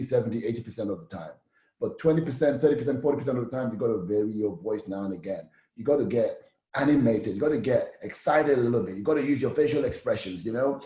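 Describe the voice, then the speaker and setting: A man coaching public speaking in a live-streamed teaching talk, energetic and emphatic, often checking in with the listener. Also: mid-range voice, echoey room.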